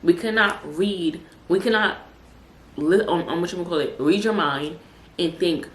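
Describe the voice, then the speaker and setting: Woman, young adult, low voice, podcast host, emphatic, repetitive, slangy, roomy echo. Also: expressive, moderate pace. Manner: emphatic, repeats herself for stress, street slang. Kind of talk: casual motivational monologue. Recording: echoey room with faint background hum.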